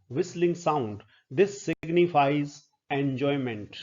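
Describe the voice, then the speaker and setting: A middle-aged male professor lectures on poetry at a very unhurried pace, his voice sitting a little high for a man. He explains each point deliberately, pausing with the odd filler. The recording sounds dull and lo-fi. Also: lively intonation, a little mellow. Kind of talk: literature lecture.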